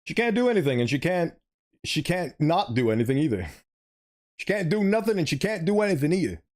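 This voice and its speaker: A man's voice: a little high, big pitch swings, fairly quick, a little mellow. A man streaming a story game, reading it aloud and chatting animatedly, sometimes fumbling for words.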